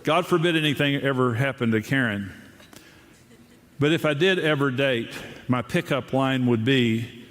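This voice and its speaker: A mid-pitched man preaching to a large crowd, spinning self-deprecating stories in a humorous sermon. His voice rings out with a long reverb off the walls of a big hall, with faint ambience underneath. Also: a little slow, fairly bright tone, a little hiss or hum. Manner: storytelling, self-deprecating, restarts and repeats words. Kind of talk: humorous sermon to a live audience. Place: large auditorium before a crowd.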